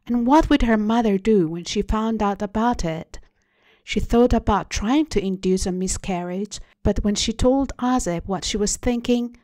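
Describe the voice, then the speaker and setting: A woman hosting a storytelling show, reading a translated short story aloud in a measured, deliberate way. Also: medium pitch, warm tone, no room sound. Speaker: story reader. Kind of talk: literary reading.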